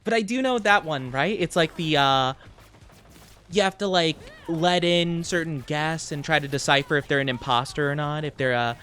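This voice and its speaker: A man streaming a game and chatting playfully with his viewers, rambling and giggling, with sudden high squeaks. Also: normal speed, pushed and bright. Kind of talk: casual live-stream chat while gaming.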